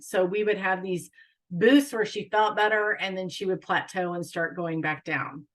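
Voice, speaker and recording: A woman's voice: mid-range voice, fairly even intonation, unhurried, fairly bright tone, rough recording. A middle-aged woman counselor telling parents a personal story, candid and plain-spoken with frequent ums. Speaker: school counselor speaking to parents. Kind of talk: parent information talk.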